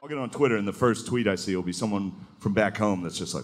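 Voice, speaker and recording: A man's voice: on the low side, fast. A man doing a stand-up comedy set, talking in a loose, crude, conversational way and often saying "dude". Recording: live club with audience noise.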